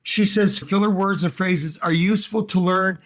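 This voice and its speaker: A man's voice: high voice, normal speed, fairly bright tone. A man coaching English learners in a casual, emphatic talk, often repeating his key points. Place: home in Brazil.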